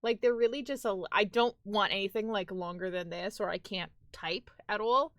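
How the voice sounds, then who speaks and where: A chatty woman with a Brooklyn-flavored New York accent talks to her viewers on a live stream. Her voice is bright and sharp, and it sounds close and dry with no room around it. She rambles freely, peppering her talk with "like" and casual swearing. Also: mid-range voice, moderate pace, no echo. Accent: New York, Brooklyn-tinged. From near New York City. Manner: chatty, animated, swears and says "like" a lot. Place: home.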